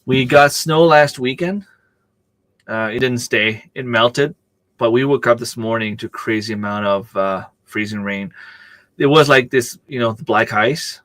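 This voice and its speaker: A man's voice: mid-range voice, unhurried, a bit bright, no room sound. A man hosting a casual live stream, rambling in a chatty way and answering viewer comments as he goes.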